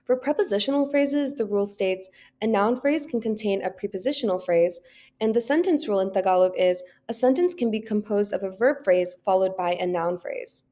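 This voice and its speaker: A young woman giving a class presentation in a steady, read-aloud manner. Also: mid-range voice, brisk. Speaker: student presenter.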